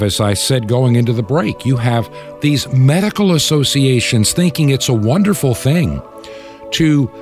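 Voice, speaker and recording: An older man from the United States hosting Christian talk radio, with impassioned, preachy commentary. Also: mid-range voice. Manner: impassioned, preachy, mocks opponents in quoted voices. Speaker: radio talk show host.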